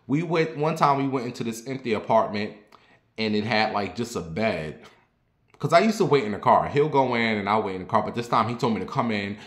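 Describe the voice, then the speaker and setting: A man from the New York area telling a personal story in a sassy, animated, profane way. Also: medium pitch. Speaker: vlogger. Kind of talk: casual storytelling. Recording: roomy echo.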